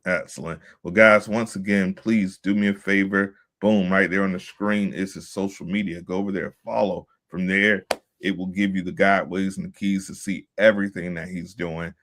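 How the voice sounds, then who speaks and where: A man's voice: low voice, flat delivery, moderate pace, a bit bright. A man from Virginia hosting a casual interview, talking in an upbeat hype style with punchy catchphrases. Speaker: podcast host.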